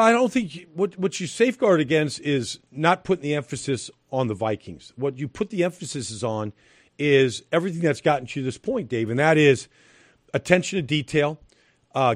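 Offering football analysis as a studio guest, a middle-aged man speaks emphatically, circling back on phrases and filling gaps with fillers. His pitch is on the high side, and the recording is dry.

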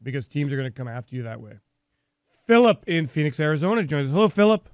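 Male sports talk host, lively and talkative, dry studio sound. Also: fairly high pitch, fast, no echo. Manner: energetic, repeats words while thinking.

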